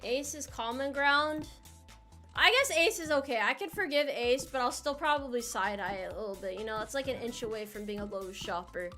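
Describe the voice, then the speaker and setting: Woman streamer, high bright voice, playful and teasing with chat, stammers and restarts, faint game music behind. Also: a little fast. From United States. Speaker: VTuber streamer. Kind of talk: casual live-stream chat while playing a game.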